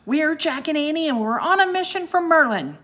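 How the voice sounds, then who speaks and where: A woman voicing a brave young girl who shouts back loudly and urgently. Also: wildly swooping pitch, a little slow, heavily acted. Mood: urgent, bold. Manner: high, loud, urgent shouting.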